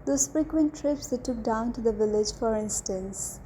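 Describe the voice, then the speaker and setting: Measured, mellow woman narrating a story. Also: a little high, slight background noise, low-quality recording. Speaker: audiobook narrator.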